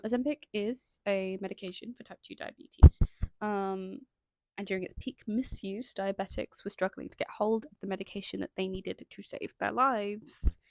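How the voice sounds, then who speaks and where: A woman's voice: mid-range voice, fairly even intonation, moderate pace, warm tone, dry recording. A young woman narrating a scripted video essay, stopping now and then for chatty, self-conscious asides. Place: indoors at home, lighting changing.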